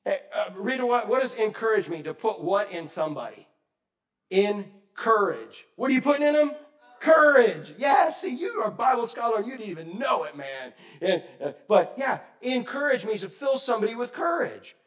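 A man preaching a sermon in a conversational way, quizzing the congregation and swinging between loud and soft. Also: high-pitched, sing-song, a little fast, hardly any pauses. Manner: asks the congregation questions. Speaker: pastor.

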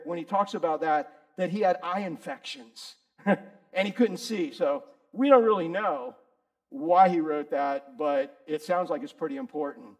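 A middle-aged man preaching a sermon in a conversational way, talking to his listeners by name and rising to loud emphasis. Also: high voice.

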